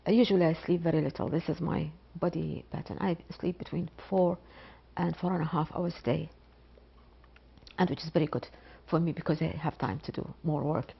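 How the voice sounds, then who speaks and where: Gravelly-voiced woman, halting. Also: low-pitched, steady tone. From Iraq. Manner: slow, halting, with pauses and repetitions. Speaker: biology professor. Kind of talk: interview testimony. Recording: dull lo-fi interview recording.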